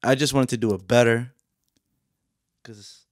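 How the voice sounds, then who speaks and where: A man's voice: mid-range voice, fairly even intonation, measured pace, dry recording, clean studio sound. A young man co-hosting a podcast, teasing his co-host in slangy, joking casual banter. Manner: teasing, slangy, interrupts with jokes.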